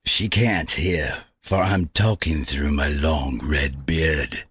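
A man playing a husky old soldier. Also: very deep voice, a bit bright, dry recording, studio quality, full character voice. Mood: sly. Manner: slow, teasing riddles. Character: kindly old male soldier, sly. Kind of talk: amateur play reading.

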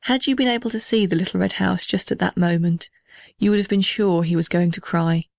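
A woman narrating a children's storybook in a clear, measured storytelling manner. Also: fairly low pitch, steady tone, a little mellow, no echo, clean studio sound. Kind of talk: storybook reading.

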